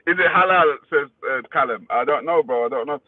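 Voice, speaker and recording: A man's voice: fairly high pitch, brisk, no echo. A man hosting a casual livestream, greeting viewers by name, reading their comments and swearing freely. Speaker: livestream host. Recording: dry, phone-like thin sound.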